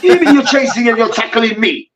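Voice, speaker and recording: A man's voice: very high-pitched, lively intonation, brisk, a bit bright, recorded from a distance, poor audio. A man co-hosting a heated sports debate, ranting animatedly with lots of slang and swearing. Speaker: co-host.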